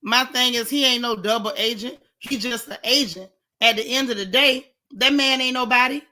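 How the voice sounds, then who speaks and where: Bright-voiced indignant woman gossip vlogger. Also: fairly high pitch, normal speed. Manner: indignant, sarcastic, talks straight to viewers. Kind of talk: casual commentary.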